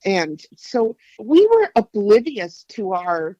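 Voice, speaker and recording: A middle-aged woman speaks in a reflective, halting way, often restarting her sentences as she answers questions about her past. Her voice sits at an ordinary pitch. The recording is dry and a little dull, with no room sound. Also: wildly swooping pitch, dark tone, no room sound. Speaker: guest sharing her testimony. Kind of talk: candid interview answers.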